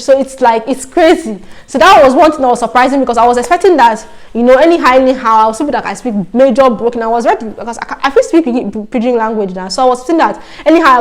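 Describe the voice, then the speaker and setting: A young woman with a Nigerian accent telling stories to camera in a casual vlog, animated and slipping into Pidgin phrases. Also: fairly high pitch, fast talker, hardly any pauses. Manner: animated storytelling, mixing in Pidgin. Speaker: vlogger.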